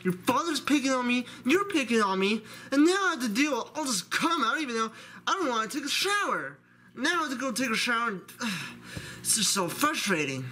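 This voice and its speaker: A woman's voice: on the high side, sing-song, a little fast, bright, forceful tone, a little hiss or hum. A woman voicing a weary, underpaid male plush chef who sighs, grumbles and swears. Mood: frustrated. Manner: sighing, grumbling, foul-mouthed.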